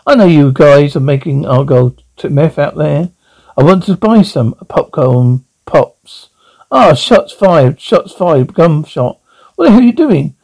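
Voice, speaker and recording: A brash adult cartoon cop, firing off crude, rapid comic banter. The voice is gravelly, with a dark, mellow tone that sits a little above the usual male pitch. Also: heavily acted, rough recording. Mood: rowdy. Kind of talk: animated adult cartoon dialogue.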